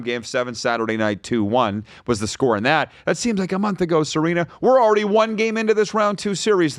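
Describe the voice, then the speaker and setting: A man hosting a sports talk podcast in a studio, with an emphatic, energetic broadcaster delivery. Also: mid-range voice, clear, resonant tone, no echo. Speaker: podcast host. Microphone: studio microphone.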